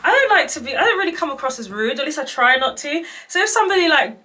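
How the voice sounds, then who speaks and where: A woman's voice: high-pitched, quick pace, soft background music. A young woman in her twenties casually telling dating stories, acting out what people said and laughing often. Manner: animated, acts out quotes, laughs often. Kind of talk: casual storytelling chat.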